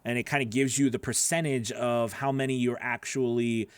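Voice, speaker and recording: A man's voice: medium pitch, fairly even intonation, moderate pace, clear, resonant tone, dry recording. Guy doing a casual live q&a for voice actors, rambly, lots of restarts, dry mic. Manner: rambling, answers viewer comments, many restarts. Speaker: voice-over coach hosting a live Q&A.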